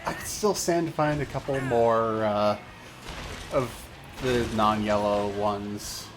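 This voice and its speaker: A man's voice: lowish voice, slow pace, noisy background. A man gaming alongside a friend, chatting casually with wry, playful banter. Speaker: co-op gaming guest.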